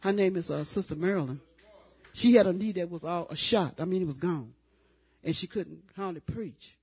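An older woman preaching a revival sermon in a folksy, testifying way that rises to loud, fervent exclamations. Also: fairly low pitch, moderate pace, slightly rough.

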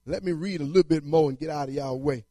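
A man's voice: on the high side, quick pace, dark tone, no room sound. A man preaching a sermon in repetitive, rhythmic phrases and casual everyday speech.

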